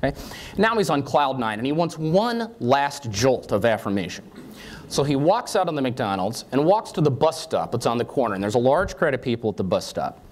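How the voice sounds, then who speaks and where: Lively storytelling man in his forties. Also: medium pitch, fairly quick. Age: 40s. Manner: conversational, frequent "okay?" check-ins. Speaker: guest lecturer. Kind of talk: storytelling lecture. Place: university lecture.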